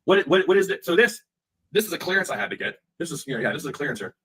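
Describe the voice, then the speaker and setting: A man's voice: a little high, sing-song, rapid-fire, sharp tone, slightly rough, poor audio. A man streaming live, ranting heatedly in profane language and often repeating himself.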